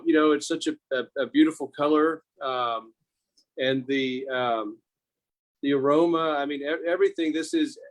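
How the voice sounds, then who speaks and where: A man from the winery family talking through a wine tasting, halting and full of restarts. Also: medium pitch. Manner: halting, many restarts and fillers. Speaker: winery owner. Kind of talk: casual tasting chat.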